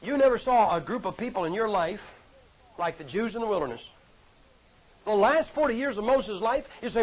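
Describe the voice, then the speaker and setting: A man's voice: high voice, animated, moderate pace. A man preaching a sermon in a folksy, joking, conversational way. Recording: dull lo-fi recording.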